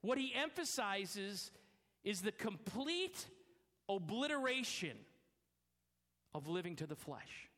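A man preaching a sermon as pastor, emphatic, slowing down and dropping his voice low to stress key words. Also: pushed and bright. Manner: emphatic preaching, slows and drops low for weight. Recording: long hall reverb.

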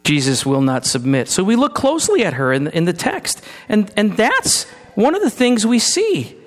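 A man preaching a sermon, talking to his congregation with rhetorical questions and sometimes sinking into a hushed, solemn tone. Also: sits high, wildly swooping pitch, moderate pace. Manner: drops to a soft, hushed tone for solemn passages. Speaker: pastor. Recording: hall reverb with mains hum.

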